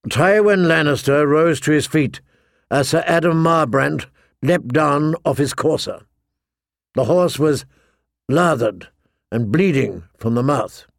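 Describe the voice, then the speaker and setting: A male audiobook narrator with a slightly high, gravelly voice, reading a fantasy novel very slowly and deliberately. The sound is close and dry, with no room echo. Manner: slow, deliberate storytelling.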